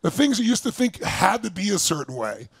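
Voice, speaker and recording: A man speaking at a relationship seminar, telling lively stories and acting out his wife's lines in a high voice. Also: fairly quick, gravelly, breathy edge, no room sound. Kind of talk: lively talk to a seminar audience.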